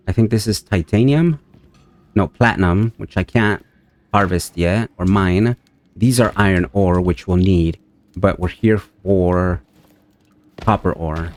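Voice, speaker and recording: A man's voice: darkish tone, a little hiss or hum. A man casually commenting on his own survival game as he plays, talking to viewers and yelping in alarm when things go wrong. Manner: chatty, talks to viewers, jumps to high-pitched panic when things go wrong. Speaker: let's play gamer.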